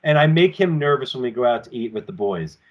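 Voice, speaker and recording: A male professional wrestler, a guest on a podcast, tells stories casually in an interview, rambling and animated and acting out quotes. His voice sits mid-range and he talks fast. He's in his home apartment, with shelves of collectibles around him.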